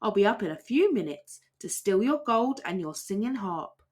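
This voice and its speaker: Cheeky storybook boy, quick and excited, sing-song delivery; woman reader voicing him. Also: medium pitch. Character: cheeky boastful boy Jack.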